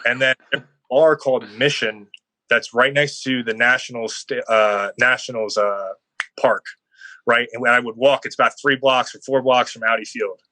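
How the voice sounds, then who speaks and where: A young man talking casually as a podcast guest, rambling with many fillers and telling lively stories. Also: medium pitch, normal speed, dry recording, poor audio. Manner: rambling, heavy on "like" fillers, animated storytelling. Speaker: guest football player.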